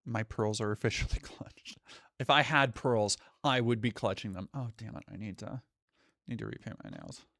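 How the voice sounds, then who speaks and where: Here a man with a lowish, creaky, slightly bright voice speaks at a moderate pace with lively intonation, in studio quality without echo. It's a casual live stream where he rambles to viewers, breaks off mid-thought, and swears casually.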